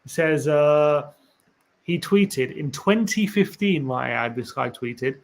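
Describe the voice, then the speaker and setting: A man's voice: fairly high pitch, expressive, takes it slowly, vocal fry, a bit bright. A man hosting a casual live stream for a fan channel, reading tweets aloud, musing and rambling with rhetorical questions to viewers.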